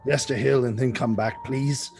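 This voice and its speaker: A man doing an anxious old grandfather who pleads slowly and gets louder as his worry grows. His voice sits a little higher than usual and carries a faint wash of background music. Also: fairly even intonation, vocal fry, close to an everyday voice. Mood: pleading. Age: older. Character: worried old grandfather, protective and grieving.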